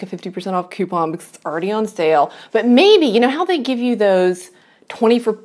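A woman's voice: a little high, darkish tone. A woman chatting casually to her own camera at home, rambling and self-deprecating as she shows her knitting projects. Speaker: knitting vlogger. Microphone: camera she is filming herself with.

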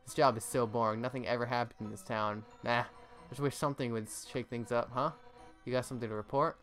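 Man voicing a fish-monster cop lady, video game, brash, tough talk, loud, game music behind. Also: mid-range voice, steady tone, a little fast, natural voice. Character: brash fish-monster woman police officer.

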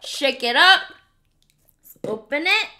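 Playful woman vlog host, bright tone, lively pitch, eats on a close mic. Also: slow. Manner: chatty, playful, cutesy meowing. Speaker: mukbang host. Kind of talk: casual eating vlog. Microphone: close mic picking up eating sounds.

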